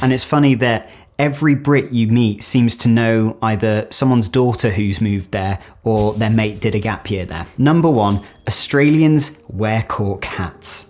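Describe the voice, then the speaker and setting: A young British man, an actor and vlogger, narrating in a chatty, self-mocking way and stretching out the words he wants to stress. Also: medium pitch. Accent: British English. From Britain. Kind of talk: scripted vlog narration.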